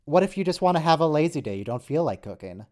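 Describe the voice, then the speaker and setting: A man's voice: a little high, very animated, fast talker, a little mellow. A man co-hosting a movie watch-along, chatting casually and tossing out wry questions and jokes. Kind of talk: casual chat over a movie.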